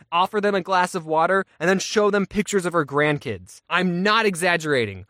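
A man's voice: high voice, a bit bright, no room sound, clean studio sound. A young adult man, a YouTuber, telling a comic storytime in a wry, self-mocking way. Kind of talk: animated storytime.

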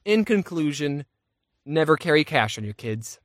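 A man giving comedic storytime narration in a deadpan, self-deprecating way. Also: sits high, normal speed. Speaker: animated storyteller.

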